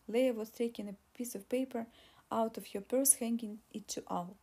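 A woman's voice: medium pitch, steady tone, moderate pace, gravelly, warm tone, breathy edge. A woman narrating an audiobook, with frequent restarts.

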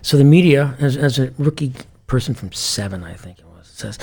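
Male ex-police commander, raspy voice, lively storyteller who acts out the dialogue. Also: mid-range voice, fairly quick. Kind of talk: anecdotal interview storytelling.

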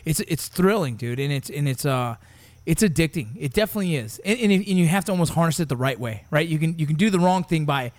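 A man's voice: on the high side, animated, quick pace, no room sound. A man hosting a podcast in casual, profane interview chat, full of fillers. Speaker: podcast host.

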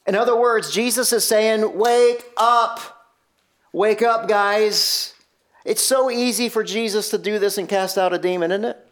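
A man's voice: high-pitched, steady tone, fairly quick. A man preaching an expository sermon in a conversational, emphatic way, often asking rhetorical questions. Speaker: pastor.

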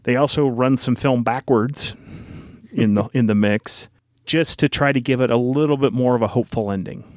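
A man's voice: medium pitch, moderate pace, no room sound, clean studio sound. A man co-hosting a podcast, explaining film trivia at length in casual conversation. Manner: informative, explains details at length. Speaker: podcast co-host.

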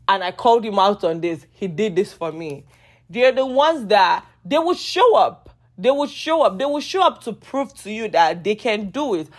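Emphatic young woman vlogger. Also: medium pitch. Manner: emphatic, repeats lines for effect, swears freely. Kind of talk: casual talk to camera.

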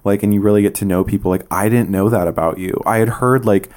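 Playful low-voiced male host. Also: fast talker, darkish tone. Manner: effusive, playful and teasing. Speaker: podcast host. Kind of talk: casual interview chat.

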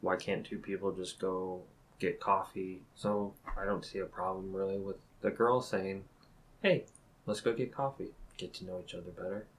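A man's voice: deep voice, steady tone, moderate pace, poor audio. A man co-hosting a casual podcast chat, talking earnestly and thinking aloud. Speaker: podcast co-host.

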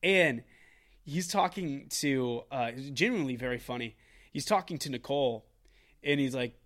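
A young man co-hosting a casual movie review podcast, animated and swearing, acting out film lines. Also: medium pitch, moderate pace. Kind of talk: casual chat.

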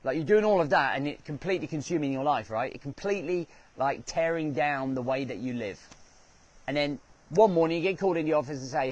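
A man hosting a motivational talk, his voice sitting a little high for a man. He speaks earnestly and drives his points home by repeating key phrases. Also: expressive, a little fast, dry recording, dull audio. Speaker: host.

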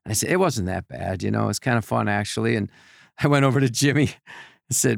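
An older man with a gravelly voice, telling rambling anecdotes as a podcast guest in casual chat. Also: on the low side, fast talker, dry recording, clean studio sound. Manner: rambling anecdotes with repeated restarts. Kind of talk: casual storytelling.

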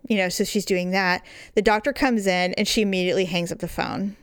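A woman's voice: lowish voice, fairly even intonation, fairly quick, hardly any pauses, smooth, dry recording, clean studio sound. A woman in her forties telling a casual story with animation, acting out the voices of the people in it and swearing freely.

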